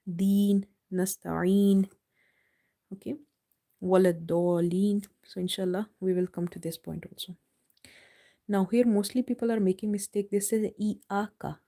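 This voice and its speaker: A woman teaching Quran recitation in a live online lesson, patiently repeating each word slowly for her students. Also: mid-range voice, vocal fry, dark tone. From United Kingdom.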